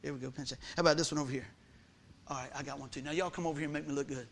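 A man preaching a lively sermon, calling out questions to the congregation and repeating his key phrases. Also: fairly high pitch, very fast, creaky.

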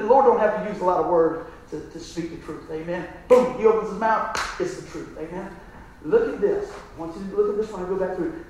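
A pastor preaching a sermon, telling stories and asking for an amen. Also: male voice, high-pitched, darkish tone, slight background noise. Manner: storytelling, emphatic, calls out "Amen?". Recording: very echoey room, mic at a distance.

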